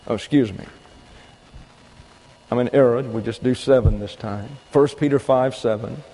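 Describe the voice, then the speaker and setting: A man's voice: medium pitch, dark tone, breathy edge, long reverb tail, poor audio. A man preaching a sermon, teaching point by point and reading out scripture verses. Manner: deliberate teaching with numbered points and read-out verses. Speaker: pastor.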